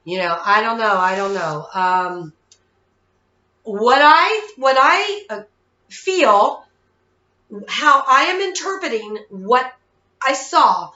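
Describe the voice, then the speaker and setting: Woman, 30s, bright forceful voice, rambling casual monologue, echoey muffled recording. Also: medium pitch. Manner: chatty, rambling, keeps asking "okay?". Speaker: psychic-medium host. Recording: echoey room, dull lo-fi sound.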